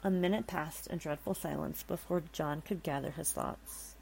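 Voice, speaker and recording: A woman's voice: deep voice, fairly even intonation, moderate pace, gravelly, hardly any pauses, darkish tone, a little hiss or hum, low-quality recording. A woman reading a scary story aloud in a dramatic way, stopping for nervous asides to her listeners.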